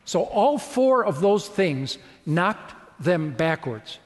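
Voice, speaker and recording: A male preacher retelling a story in a sermon, vivid and full of rhetorical questions. His voice sits fairly high for a man. Long reverb from a large hall trails each phrase. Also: very animated, slow pace.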